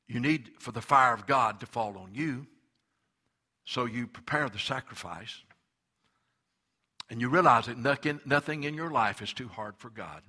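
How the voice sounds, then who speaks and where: A man preaching a sermon as pastor, going from quiet explanation to loud, impassioned preaching. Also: mid-range voice, slightly rough.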